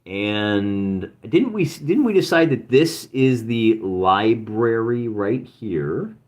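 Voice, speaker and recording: A man's voice: lowish voice, lively intonation, takes it slowly, a little mellow. A man hosting a solo journaling game, thinking aloud and chatting with his live chat. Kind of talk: casual let's-play narration.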